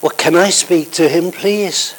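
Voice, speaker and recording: A man's voice: sits high, measured pace, voice pushed up, poor audio. A man voicing a businessman boss who keeps asking polite, puzzled questions over the phone. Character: worried adult male businessman boss on the phone.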